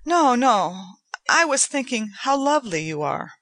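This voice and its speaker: A woman voicing an earnest, anxious young gentleman who speaks urgently. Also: high-pitched, big pitch swings, normal speed, dry recording, pitched above the performer's own voice.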